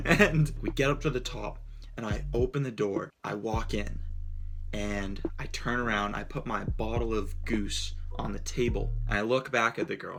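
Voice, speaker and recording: A young man from Cape Cod telling a casual story-time tale, animated and full of "like", acting out what people said. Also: fairly low pitch, creaky, background noise. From Cape Cod, Massachusetts. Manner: animated, quotes people in his story, heavy use of "like". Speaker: storyteller vlogger.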